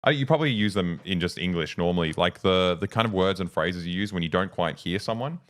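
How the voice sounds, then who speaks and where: Laid-back Australian man, lowish voice. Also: expressive, fast talker. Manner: swears freely, laughs often. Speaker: co-host. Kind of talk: casual podcast chat.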